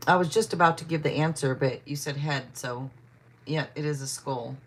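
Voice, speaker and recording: A woman's voice: sits low, moderate pace, breathy edge. A woman hosting a tarot livestream, chatting casually, greeting viewers by name and apologizing often. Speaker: tarot reader and livestream host. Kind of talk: casual livestream chat reading viewer questions.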